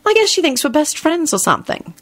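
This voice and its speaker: A woman voicing a mischievous young woman with a prim, giggly, bright way of talking, pitched higher than her own voice. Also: sing-song, fairly quick.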